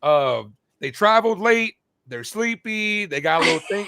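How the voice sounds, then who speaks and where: A man's voice: high-pitched, expressive, moderate pace, noisy background. A man co-hosting a casual sports podcast, talking as a fired-up, rambling baseball fan. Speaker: play-by-play streamer and co-host.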